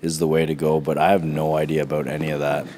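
A man's voice: extremely low pitch, completely flat delivery, fast talker, warm tone, slight background noise. A man co-hosting a podcast, chatting casually in an easygoing way and chiming in with short replies. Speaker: podcast co-host.

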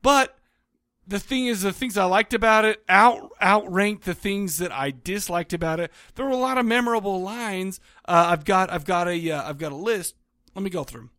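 There's no echo and the sound is clean studio quality as this high-pitched man speaks at a normal speed with a fairly bright tone. He co-hosts a laid-back podcast conversation, frequently laughing while he rambles and restarts what he's saying.

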